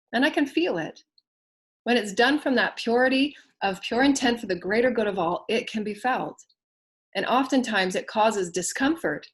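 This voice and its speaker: A woman giving a spiritual teaching talk, speaking in slow, repetitive affirmations that often drift soft and hushed. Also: mid-range voice, slightly rough.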